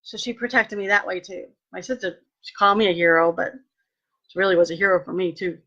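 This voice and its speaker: A woman telling a personal story in a lively way, acting out what people said and turning earnest when she speaks of faith. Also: on the low side, fairly quick, dull audio. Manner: animated, acts out quoted dialogue. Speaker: vlogger sharing a personal testimony.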